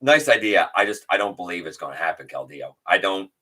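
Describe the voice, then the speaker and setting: A livestream host relaxing at his home setup greets viewers by name and repeats their chat comments, his speech meandering with fillers and restarts. He talks fairly quickly in a low voice with a bright, forceful edge.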